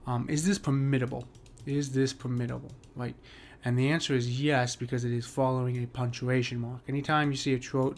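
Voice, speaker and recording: A man's voice: medium pitch, darkish tone, a little hiss or hum. A man walking through a poem's meter in a casual screen-share lesson, with lots of fillers and "right?" checks. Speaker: poetry teacher.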